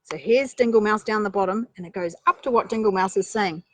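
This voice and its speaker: A woman's voice: mid-range voice, fairly quick, no echo. A woman reading a children's story aloud, playful, with chatty asides.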